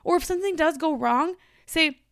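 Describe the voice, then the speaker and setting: At a normal speed, a woman with a high, somewhat bright voice delivers a chatty, emphatic solo monologue as host of her own podcast, laughing easily along the way. The sound is studio quality without any room sound.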